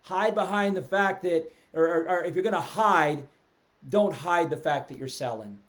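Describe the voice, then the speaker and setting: A middle-aged man giving a casual, animated sales talk on a live stream, seated and reading out viewer comments. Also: fairly high pitch, normal speed. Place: indoors, seated in a chair. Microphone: webcam or phone at a desk, seated.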